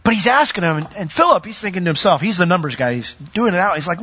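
A man preaching a sermon, animated, who acts out the voices of the people in his story. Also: high voice, quick pace, hardly any pauses, slightly rough, long reverb tail. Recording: dull lo-fi recording.

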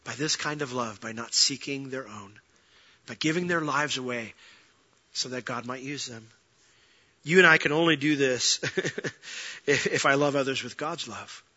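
Male pastor, sermon storytelling, piercing bright tone, emphatic and humorous, muffled lo-fi recording. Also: mid-range voice, a little slow, long pauses. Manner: animated preaching, building to loud passionate peaks. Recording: dull lo-fi sound.

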